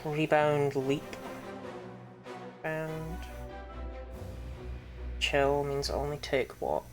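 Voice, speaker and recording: A woman's voice: deep voice, flat delivery, very slow, over music. A woman with a New Zealand accent, thinking aloud and swearing casually as she streams a card game. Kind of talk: casual gaming commentary.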